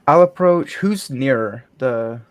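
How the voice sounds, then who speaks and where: A woman's voice: very deep voice, expressive, slow. A woman playing a tabletop game, asking eager, pushy questions. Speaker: player.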